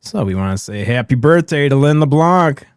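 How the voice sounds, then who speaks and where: A man's voice: mid-range voice, expressive, moderate pace, clear, resonant tone, dry recording, clean studio sound. A man hosting a casual podcast, joking around and reading chat comments aloud. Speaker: host.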